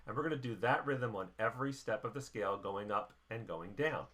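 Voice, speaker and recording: A middle-aged man teaching a band warm-up lesson, explaining each step patiently. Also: medium pitch, fairly quick. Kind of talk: instructional lesson.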